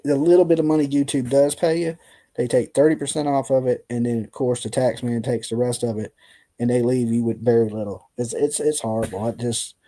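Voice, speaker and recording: A man hosts a casual live stream late at night, tired and loose. He chats in colloquial speech and breaks into easy laughs. His voice is dark and mellow at a middling pitch. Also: fairly even intonation, fairly quick. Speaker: livestream host.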